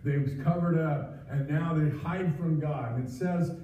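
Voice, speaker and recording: Earnest preacher in an echoey church. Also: male voice, on the high side, moderate pace, mellow. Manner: earnest, pleading, frequent restarts. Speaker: pastor. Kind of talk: sermon. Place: church sanctuary. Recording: distant, echoey, muffled livestream audio.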